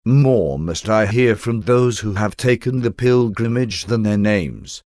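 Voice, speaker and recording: A man's voice: lowish voice, measured pace, a little mellow, no room sound, clean studio sound, close to an everyday voice. A man voicing a cold, haughty male ruler who speaks in an accusing, commanding way.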